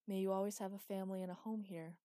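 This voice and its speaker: A woman voicing a gentle, grieving male god who talks softly and sadly. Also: mid-range voice, steady tone, quick pace, no room sound, natural voice. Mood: sad, tender. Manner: soft, sad and tender.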